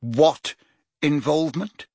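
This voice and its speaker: A man voicing an irritable male prime minister who barks sharp, sarcastic retorts. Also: a little high, slow pace, breathy edge, no room sound, studio quality. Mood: irritated.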